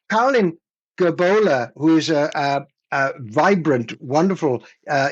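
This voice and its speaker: A man in his seventies speaks as an interview guest, reflective and measured. His voice sits a little high for a man. He reads poetry slowly and deliberately. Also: lo-fi sound. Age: 70s. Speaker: poet guest. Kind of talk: conversational interview and poetry reading.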